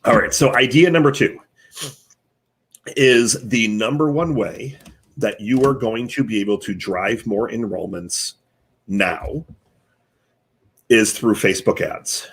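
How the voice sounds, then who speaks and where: A man's voice: lowish voice, takes it slowly, long pauses, breathy edge. A man hosting a live online chat, giving earnest coaching advice laid out as numbered recommendations. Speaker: host and marketing consultant.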